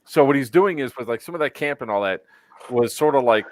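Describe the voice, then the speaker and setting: A man's voice: medium pitch, lively intonation, brisk. A man co-hosting a casual group stream, talking in long rambling turns with many fillers and restarts. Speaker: podcast co-host.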